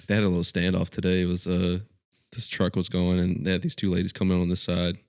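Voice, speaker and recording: A man's voice: low voice, monotone, a little fast, darkish tone, smooth, dry recording, clean studio sound. A man co-hosting a podcast, chatting casually and telling rambling stories with quoted voices. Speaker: podcast co-host. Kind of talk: casual chat.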